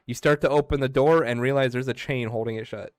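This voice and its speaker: A man's voice: medium pitch, steady tone, fast talker. Laid-back male game master. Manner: casual, laughing, lots of fillers. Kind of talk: narrating a tabletop role-playing game.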